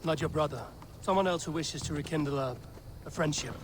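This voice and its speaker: An actor voicing a male Viking warrior in a video game, speaking quietly and steadily to reassure a captive. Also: a little high, brisk, slight background noise, natural voice. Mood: calm. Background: loud game music.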